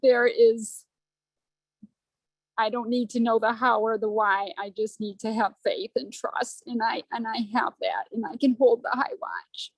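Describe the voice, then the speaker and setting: A woman's voice: a little high, flat delivery, a little slow, no echo, poor audio. A woman telling a personal story on a video call in a rambling, earnest way, close to tears. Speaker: study group member.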